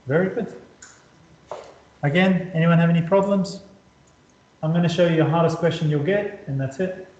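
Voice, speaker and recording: A man's voice: on the high side, moderate pace, pauses often, darkish tone, reverberant, dull audio. A man teaching a maths lesson at a whiteboard, upbeat, often checking that his students follow. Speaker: maths tutor.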